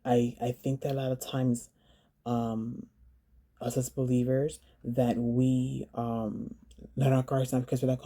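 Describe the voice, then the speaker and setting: A woman telling her own story in a vlog, halting and earnest, often repeating words and phrases. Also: rumbling low, level tone, dark tone. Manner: earnest, urging viewers to slow down.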